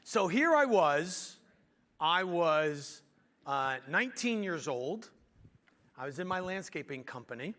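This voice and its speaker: An animated man tells a business story, acting out the quotes as he goes. His voice sits high for a man, and he speaks like a business owner addressing an audience. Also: slow.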